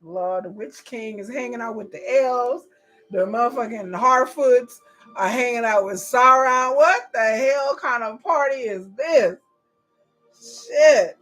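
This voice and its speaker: A woman streamer reacting in casual, animated chat, profane and laughing often. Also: a little high, a little slow, faint music behind. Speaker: streamer hosting a live watch.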